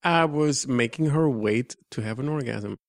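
A man's voice: medium pitch, normal speed, dry recording. A man co-hosting a podcast in casual chat, dry and matter-of-fact with a playful edge. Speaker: podcast co-host.

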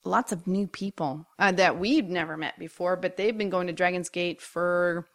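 A woman's voice: fairly low pitch, fairly even intonation, normal speed, a bit bright. A woman co-hosting a podcast in casual, bubbly chat, teasing and laughing often. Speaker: podcast co-host.

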